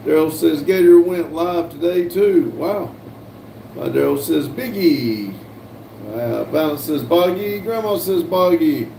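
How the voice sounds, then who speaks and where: Older man, livestream host reading chat; mellow voice, echoey room. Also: fairly high pitch, a little slow, gravelly. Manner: reads chat aloud with frequent fillers and restarts. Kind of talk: casual live-stream chat. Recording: echoey room, voice from a distance, faint hum.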